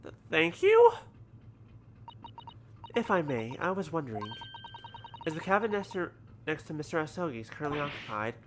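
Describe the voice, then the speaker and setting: A man's voice: on the high side, big pitch swings, fairly quick, fairly bright tone. A man streaming a game, casually joking and swearing while reading dialogue aloud. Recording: background noise from home stream setup.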